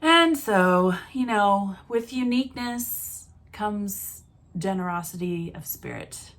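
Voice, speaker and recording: A woman's voice: medium pitch, lively intonation, takes it slowly, a bit bright. A woman in her forties talking frankly and reflectively to her viewers in a casual, motherly monologue. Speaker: vlogger.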